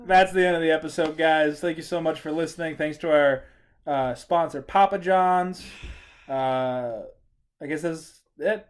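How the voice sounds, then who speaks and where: Animated storytelling man, slightly high voice. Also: unhurried. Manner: animated, acts out his own story with laughter. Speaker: podcast co-host. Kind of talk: casual storytelling chat.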